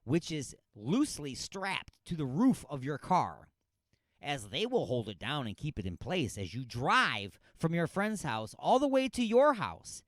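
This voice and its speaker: A fairly high-voiced man hosts a radio talk show and rants about a news story with biting sarcasm. His delivery is lively and full of swings in pitch as he scolds with exasperation. The sound is close and dry, with no room around it. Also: measured pace, dry recording. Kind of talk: ranting commentary on a news story.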